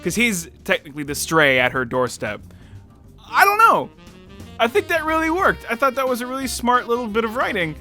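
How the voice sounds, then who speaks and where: Bright-voiced young man rambling about movies. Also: extremely high pitch, very animated, fairly quick, faint music behind. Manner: chatty and rambling, frequent "like" fillers, laughs often. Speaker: movie reviewer. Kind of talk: casual spoken film review.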